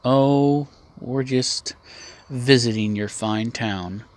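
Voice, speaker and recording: A man voicing a sly, road-worn male gunman who talks in a wry, needling way, a little louder than his narration. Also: medium pitch, drawn-out words.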